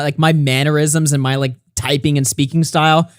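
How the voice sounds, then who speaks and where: A man's voice: fairly high pitch, fairly even intonation, normal speed, few pauses, clear, resonant tone, dry recording, clean studio sound. A young man streaming casual commentary, reading messages aloud with mocking asides and frequent laughter.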